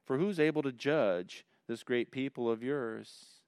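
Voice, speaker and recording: A man preaching a sermon in a conversational way, swinging between loud emphasis and quiet asides. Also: medium pitch, measured pace, clean tone, no echo, studio quality. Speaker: pastor.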